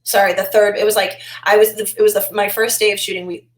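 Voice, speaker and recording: A woman chatting as a podcast guest, rambling with lots of "like" fillers and animated quoting. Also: medium pitch, fast talker. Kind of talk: casual interview chat. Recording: roomy echo.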